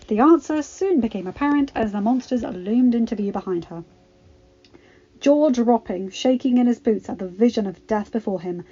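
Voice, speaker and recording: A woman reading fan fiction aloud as dramatic audiobook narration, measured and steady. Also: mid-range voice, lo-fi sound.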